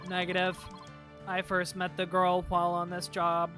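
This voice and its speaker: A woman voicing a stiff, terse male bomb expert who talks in a flat, clipped, robotic way. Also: fairly low pitch, normal speed, over music, close to an everyday voice.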